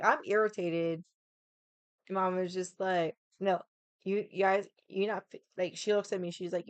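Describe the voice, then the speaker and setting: A woman's voice: medium pitch, dry recording. Rambling, swearing young woman streamer. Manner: rambling, swears a lot, many likes. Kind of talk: casual chat with stream viewers.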